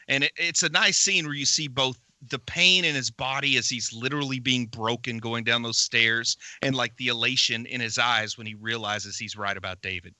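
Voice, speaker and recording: A man's voice: medium pitch, pushed and bright, no echo, rough recording. A man co-hosting a movie podcast in casual chat, making wry, dry jokes. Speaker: podcast co-host.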